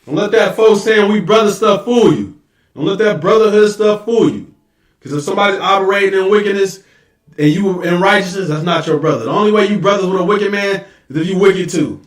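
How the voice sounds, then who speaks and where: High-voiced preacher, conversational and emphatic. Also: male voice, fairly quick. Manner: conversational, emphatic, mocks excuses in lowered voice. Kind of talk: street-level sermon with scripture reading.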